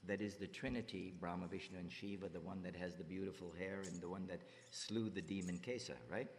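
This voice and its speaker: A man slowly and softly telling a personal devotional story to an audience. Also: low voice, steady tone, a little hiss or hum. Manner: slow, soft-spoken, recounting with quoted dialogue. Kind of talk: storytelling to an audience, then singing a devotional song. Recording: long hall reverb with guitar music behind. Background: guitar music.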